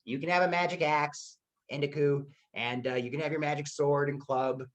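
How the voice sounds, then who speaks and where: A man's voice: on the high side, fairly even intonation, moderate pace, highs cut off, pitched below the performer's own voice, lightly acted. A man voicing a flustered goddess who protests, then gives in.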